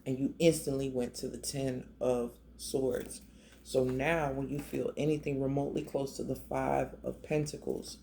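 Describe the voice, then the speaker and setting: A man with a gravelly, mellow voice gives a tarot reading in a loose, emotional, conversational way, often restarting his sentences. A faint hiss of background noise sits under his voice. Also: mid-range voice. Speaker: tarot reader. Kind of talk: casual tarot reading to camera.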